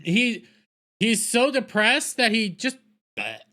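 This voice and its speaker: A man's voice: extremely high pitch, wildly swooping pitch, slow pace, sharp tone. A man reviewing a series on his channel, rambling through a casual episode recap with stammers, repeated words and wry asides. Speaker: video reviewer.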